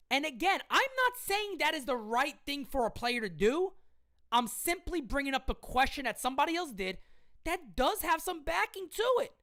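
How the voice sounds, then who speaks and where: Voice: sits high, very animated, moderate pace, fairly bright tone. A woman hosting a live-stream sports commentary show, emphatic and argumentative as she answers comments from her chat. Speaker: host.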